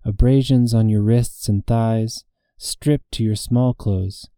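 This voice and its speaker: A thin young novice witch girl, voiced by a man in a storybook reading, speaking softly in a flat monotone. Her voice is dark and mellow, close and dry with no room around it. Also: medium pitch, slow pace, smooth, no echo. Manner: flat monotone, soft and soothing. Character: starved young female novice witch, quiet.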